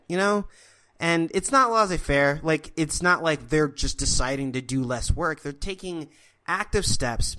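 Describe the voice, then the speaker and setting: A man's voice: on the high side, pushed and bright. A man co-hosting a podcast, talking casually and at length with strong opinions and many fillers. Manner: opinionated, rambling, filler-heavy. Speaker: podcast co-host. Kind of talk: casual chat.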